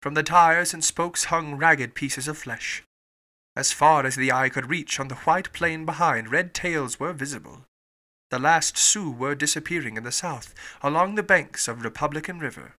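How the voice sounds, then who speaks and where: A male audiobook narrator with a bright, clear voice pitched a little high. His reading of the classic adventure moves lively up and down. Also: measured pace. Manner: expressive storybook reading. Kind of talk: scripted narration.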